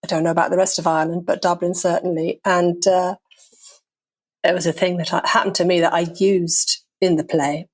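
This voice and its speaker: An older woman from London, a guest actor and playwright telling stories in a relaxed interview, wry and self-mocking, often laughing. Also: lowish voice, fairly quick, husky. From London, England. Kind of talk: casual interview storytelling.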